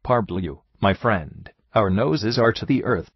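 Man reading as an excitable French detective. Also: on the low side, takes it slowly, breathy edge, no room sound, exaggerated voice. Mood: urgent. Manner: theatrical, effusive, exclamatory. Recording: dull lo-fi dry recording.

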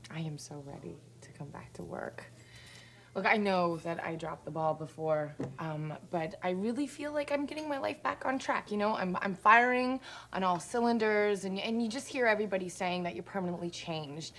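A woman's voice: medium pitch, normal speed, a bit bright, a little hiss or hum, natural voice. A woman playing a flustered new mom editor. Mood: eager, flustered. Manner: rambling, self-deprecating, stammering. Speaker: lead actress. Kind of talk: film acting.

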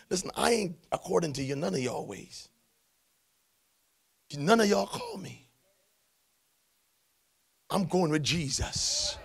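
A man preaching a sermon in church, swinging from hushed tones to loud shouting. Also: fairly high pitch, vocal fry, breathy edge. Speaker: pastor.

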